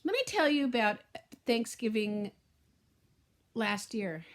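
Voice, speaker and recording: Her voice fairly high and animated, this middle-aged Southern Californian woman speaks slowly as she vlogs to camera. The talk is casual, heartfelt and rambling, frequently trailing off and restarting.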